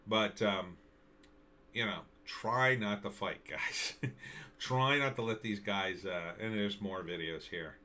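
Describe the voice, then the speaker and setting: An American man talks alone into his mic, commenting on news clips. His voice is bright and forceful, set fairly low, and he sounds indignant, stumbling over restarts and hammering the same point again and again. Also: a little hiss or hum. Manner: indignant, repetitive, halting with restarts. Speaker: political commentary vlogger. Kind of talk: solo commentary reacting to news and videos.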